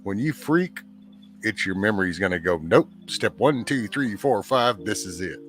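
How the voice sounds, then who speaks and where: A man with a very low, deep voice hosts a loose, casual chat. He rambles easily and reads out viewer comments between thoughts. Faint music plays behind him. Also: expressive, normal speed, a bit bright. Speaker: host reading viewer comments.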